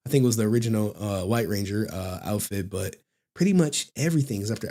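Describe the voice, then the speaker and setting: A man's voice: fairly low pitch, fast talker, warm tone. A man hosting casual online commentary, talking in a slangy, profane, mocking way.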